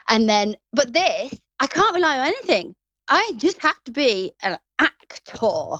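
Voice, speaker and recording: A woman in her thirties with a Grimsby accent, chatting as an actress in an interview, quick and full of laughs. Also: sits high, very animated, fairly bright tone, no echo, low-quality recording. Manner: chatty, quick, laughs often, slips into quoted voices. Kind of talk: casual interview chat.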